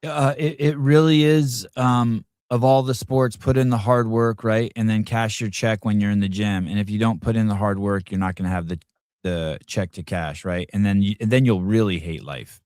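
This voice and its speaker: A man's voice: fairly low pitch, fairly even intonation, normal speed, darkish tone, smooth, no echo, studio quality. A man hosting a podcast, asking curious, short follow-up questions in a casual interview. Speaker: podcast host.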